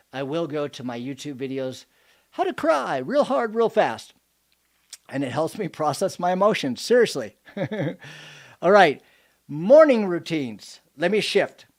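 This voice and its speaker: A man giving a motivational live talk as a business coach, telling animated stories and joking with his audience. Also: on the high side. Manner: animated storytelling, jokes to the audience.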